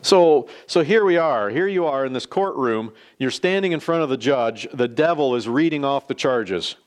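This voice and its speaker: A man's voice: mid-range voice, lively intonation, normal speed. A man teaching a Sunday school lesson, telling a parable and stressing points by repeating them. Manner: emphatic, repeats key points. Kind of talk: sermon storytelling.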